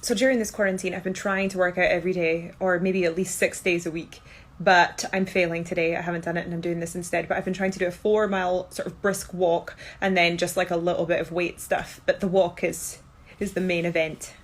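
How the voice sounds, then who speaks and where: A Scottish actor in her thirties answers fan assumptions in a casual chat, recorded by herself in a room at home. She's tired, low-energy and half-asleep yet brisk and chatty, with lively upward jumps in pitch.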